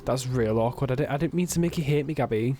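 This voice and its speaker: A man's voice: mid-range voice, fast, over music. A young man giving joking, sarcastic commentary while playing a video game. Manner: sarcastic, joking, camp asides. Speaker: let's play gamer. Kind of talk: gameplay commentary.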